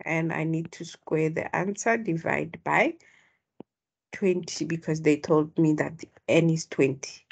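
A woman with a husky, low-pitched voice tutors statistics online, speaking a little slowly. She walks through each step and encourages her students to speak up.

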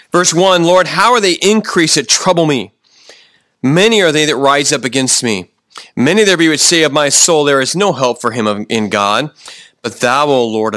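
A man's voice: mid-range voice, pushed and bright. Guy pastor preaching, middle voice, stops and restarts a lot, dry no-echo sound. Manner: slows down for emphasis, restarts often, chuckles. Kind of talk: sermon. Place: church.

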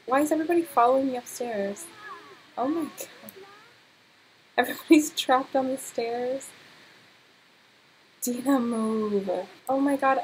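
A young woman talks over her gameplay in a relaxed, drawn-out way, her voice sitting a little high. She reacts with excited outbursts and laughter. A faint hum of noise sits under the recording. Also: rough recording. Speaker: gameplay commentator. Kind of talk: casual let's-play commentary.

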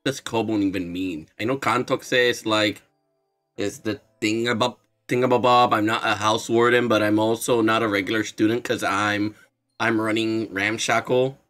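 A man's voice: lowish voice, fairly even intonation, moderate pace, a bit bright, soft background music. A young man streaming a game readthrough, chatting casually with a sarcastic, jokey manner and some swearing. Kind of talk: casual gaming commentary.

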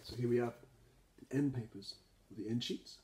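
A middle-aged man, a children's author, reading his picture book aloud in an expressive storytelling manner. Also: mid-range voice, moderate pace, slight background noise.

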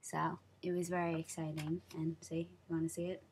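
A teenage girl telling an excited story in a casual vlog, gushing and full of fillers. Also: low voice, a little fast, slight background noise. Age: teens. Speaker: vlogger.

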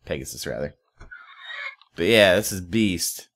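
A man's voice: low-pitched, animated, unhurried, a bit bright. A young man casually commenting while playing a modded block game, rambling, swearing offhand and chatting to viewers and in-game animals. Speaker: Let's Play host.

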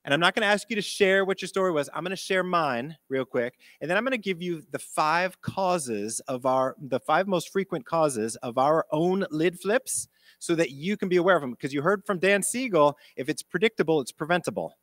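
Animated man telling a workshop story. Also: a little high, normal speed, no room sound. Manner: animated, acts out quotes, asks the audience questions. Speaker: conference presenter, former principal. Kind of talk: storytelling workshop talk to educators. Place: conference breakout room.

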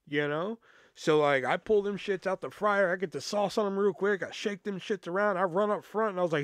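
A man telling stories on his podcast in a loose, profane, laid-back way, laughing as he goes. His voice sits somewhat high for a man, and the recording is dry and close with no room sound. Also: brisk, no room sound. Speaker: podcast host. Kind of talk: casual storytelling.

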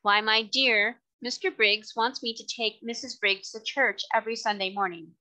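Woman reading steady, devout male cabman; bright timbre, earnest delivery. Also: on the high side, normal speed, low-quality recording. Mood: warm.

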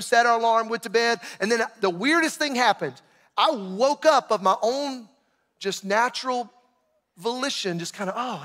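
Man, pastor, high bright voice, animated storyteller, long reverb of a big auditorium. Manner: animated storyteller, acting out shouted quotes. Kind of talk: sermon with personal story. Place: large church auditorium.

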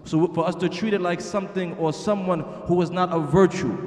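A man's voice: sits high, fairly even intonation, fairly quick, a little mellow. A middle-aged man preaching a sermon in a masjid hall, earnest and asking the audience rhetorical questions. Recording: echoey hall.

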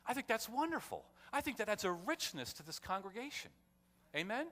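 Bright-voiced pastor preaching in a church. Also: male voice, big pitch swings, a little fast. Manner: swings between loud emphatic calls and quiet, low storytelling. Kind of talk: sermon. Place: church sanctuary. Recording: long church hall reverb.

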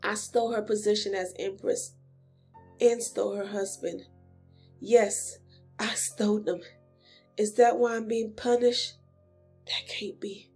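A woman reading the lines of a self-pitying young empress in a soft, wounded, complaining voice. The reading is quieter than her own talk. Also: medium pitch, fairly even intonation, a little slow, pauses often, breathy edge, faint music behind. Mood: hushed.

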